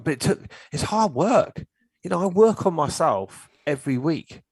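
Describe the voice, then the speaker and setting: A middle-aged man telling stories in casual chat, animated and swearing freely. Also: a little high, moderate pace, slightly rough, dry recording. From England. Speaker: guest, therapist.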